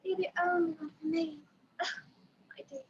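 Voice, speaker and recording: A snooty 1920s society lady, put on by a woman, drawling her words languidly and with disdain. Her high voice sounds slightly muffled. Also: little pitch movement, moderate pace, slight background noise. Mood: haughty.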